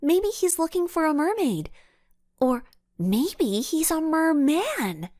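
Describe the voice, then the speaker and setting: Carol, a giddy young girl sleuth as a woman narrator puts her on, talks in a high, bouncy voice that swoops all over the place and takes her time with each line. The sound is dry and close, with no room around it. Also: big pitch swings, slow, a little mellow, dry recording, exaggerated voice. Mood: bubbly. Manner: bubbly, teasing. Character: excitable young girl detective, playful. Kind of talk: audiobook character voice.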